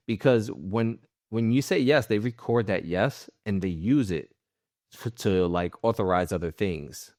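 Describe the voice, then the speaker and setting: A man co-hosting a podcast, talking in a slightly low voice in loose, rambling chat. He stumbles and repeats himself and acts out little phone calls. The sound is dry and close, with little room in it. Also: a little slow, a little mellow, no echo. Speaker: podcast co-host.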